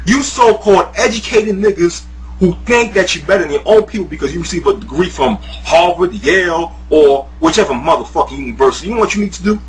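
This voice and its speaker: A man's voice: sits high, fast, slight background noise, rough recording. A man delivering a profane, heated video rant, mocking and laughing as he goes. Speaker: YouTuber, guest. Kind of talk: profane ranting monologue.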